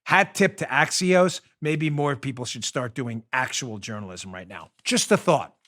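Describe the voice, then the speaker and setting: A man hosting a political talk show, emphatic and sarcastic, with rapid asides. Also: mid-range voice, animated, fairly bright tone. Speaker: host.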